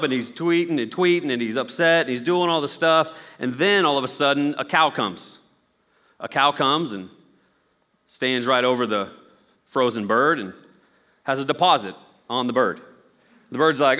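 A man's voice: medium pitch, normal speed, pushed and bright, big-room sound. A man preaching a sermon as a pastor, telling a story with playful acted-out voices.

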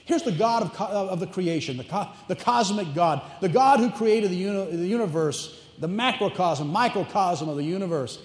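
East Tennessee pastor, emphatic, fairly high voice, in a big echoing church hall. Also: male voice, normal speed. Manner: animated, emphatic preaching with rhetorical questions. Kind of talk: sermon. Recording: echoey church hall reverb.

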